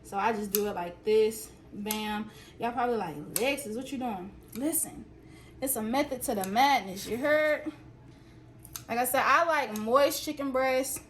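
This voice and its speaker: A woman's voice: a little high, a little slow, a bit bright, distant mic, a little hiss or hum. A young woman with a Southern accent from Alabama, chatting playfully to viewers while cooking in her home kitchen. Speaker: fitness and cooking vlogger. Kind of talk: casual cooking vlog. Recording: roomy kitchen audio, mic set back.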